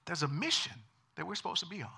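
A man's voice: fairly high pitch, big pitch swings, quick pace, gravelly, bright, forceful tone, breathy edge. A male pastor preaching a sermon emphatically and calling on the congregation to respond.

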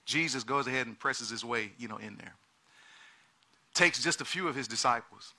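A man preaching a sermon in an animated way, repeating words and acting out the people he quotes. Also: medium pitch, normal speed.

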